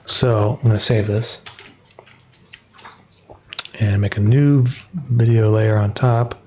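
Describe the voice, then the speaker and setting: A man casually talking through his drawing on a livestream, rambling and relaxed, with lots of "like" fillers. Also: lowish voice, takes it slowly, a little hiss or hum. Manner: rambling, relaxed, heavy use of "like". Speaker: artist streaming his work. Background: faint background music.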